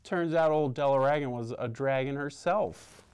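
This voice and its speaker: A young man hosting a children's storytime at a library, talking gently and softly in a sing-song way. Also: mid-range voice, moderate pace, clear, resonant tone.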